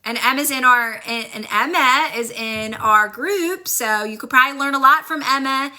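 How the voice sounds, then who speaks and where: Her tone is bright and forceful, her voice high, and she keeps a moderate pace. She's a manifestation coach chatting casually with viewers on a phone livestream, cheering them on and answering what they comment.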